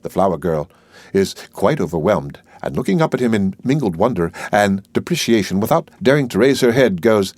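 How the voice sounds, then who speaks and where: A man narrating an audiobook of a stage play, reading the stage directions in a calm, lower narrating voice. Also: normal speed, no echo. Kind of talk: scripted narration.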